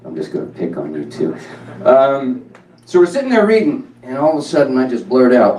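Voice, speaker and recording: A middle-aged man doing a stand-up set, animated and jokey, with quick asides to the audience. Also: mid-range voice. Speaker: stand-up comedian. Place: comedy club stage. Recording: echoey club, distant mic, crowd.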